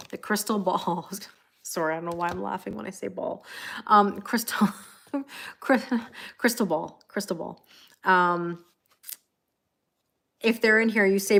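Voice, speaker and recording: A woman's voice: medium pitch, vocal fry. Chatty woman tarot reader on a live stream. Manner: laughing often, chatty, reading out viewer comments.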